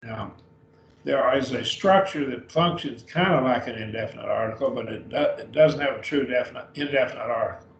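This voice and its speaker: A man teaching a classroom grammar lesson, speaking slowly with many fillers, restarts and repeated words. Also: mid-range voice. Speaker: Greek teacher. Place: church classroom. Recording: dull, roomy classroom recording.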